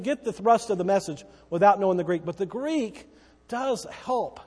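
A man preaching from the pulpit with a slightly raised pitch, stressing and repeating his words. He keeps asking the congregation whether they follow him. His voice rings out with the long reverb of a large church hall. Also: animated, normal speed, warm tone. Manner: emphatic, repeats key words, checks in with congregation. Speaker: pastor. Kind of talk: sermon.

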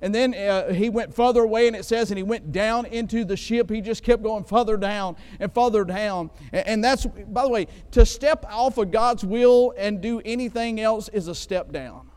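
A man's voice: high-pitched, normal speed, hardly any pauses, a little mellow, clear, resonant tone. A man preaching a sermon in a conversational way, often checking in with "right?" as he explains scripture. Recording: long reverb of a large hall.

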